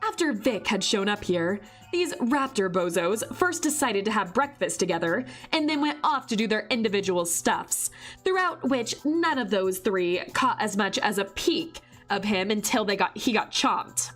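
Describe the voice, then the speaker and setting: A hoarse woman reading out the narration of a brash young female investigator, sarcastic and suspicious, with a slangy, scornful edge. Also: medium pitch, animated, normal speed, a bit bright, soft background music. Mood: wry, suspicious. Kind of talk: reading visual novel narration aloud.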